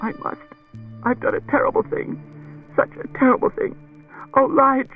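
A man voicing a frightened, guilt-ridden wife who pleads through tears in a breathy, high voice. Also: steady tone, fairly quick, narrow, tinny audio, soft background music, heavily acted. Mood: sobbing.

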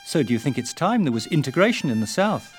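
A man's voice: mid-range voice, big pitch swings, fast, faint music behind, pitched above the performer's own voice, close to an everyday voice. An older English man voicing his younger self, a polite English student asking careful questions.

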